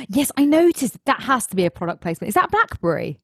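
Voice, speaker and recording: A woman's voice: fairly high pitch, very animated, fast talker, darkish tone, husky, no echo, clean studio sound. A woman co-hosting a podcast, chatting casually and playfully about a TV episode. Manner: playful, jokey, slips into silly put-on voices. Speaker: podcast co-host. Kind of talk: casual chat recapping a TV show.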